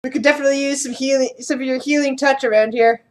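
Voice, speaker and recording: A friendly, gruff male dwarf innkeeper in a tabletop game, drawling in a folksy way, as a woman puts him on. The voice sits high. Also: steady tone, quick pace, natural voice. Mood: surprised, welcoming.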